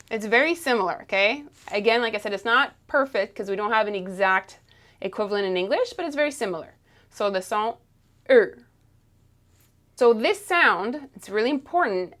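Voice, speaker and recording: A woman's voice: mid-range voice, a bit bright. A woman teaching French pronunciation, explaining patiently and checking in with "okay?" after each point. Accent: Canadian French. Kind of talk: pronunciation lesson.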